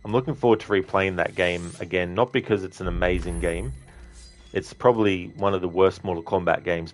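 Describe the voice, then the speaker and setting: Low-voiced male game streamer. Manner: chatty, often repeating game lines in a jokey put-on voice. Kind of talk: casual gameplay commentary.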